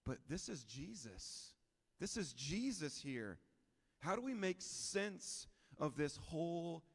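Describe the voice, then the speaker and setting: A male pastor preaching in an easy, conversational way, often tossing rhetorical questions to the congregation. His voice sits in an ordinary middle register. The sound carries a long reverb from the church hall. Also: mid-range voice. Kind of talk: sermon.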